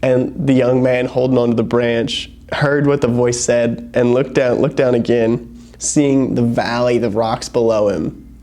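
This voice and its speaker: Casual youth pastor, mellow voice. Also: male voice, medium pitch, unhurried. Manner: casual, animated storytelling with acted-out quotes. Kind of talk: sermon.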